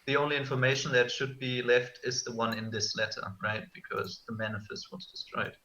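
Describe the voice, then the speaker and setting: A man's voice: mid-range voice, fairly even intonation, a little fast, sharp tone, highs cut off, slight background noise. A man running a tabletop game as game master, casual and loose with many fillers.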